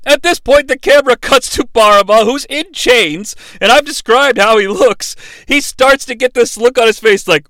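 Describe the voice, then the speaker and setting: A man hosting a comedic movie recap, talking in a profane, animated and sarcastic way. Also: very high voice, normal speed, few pauses, no echo. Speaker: host.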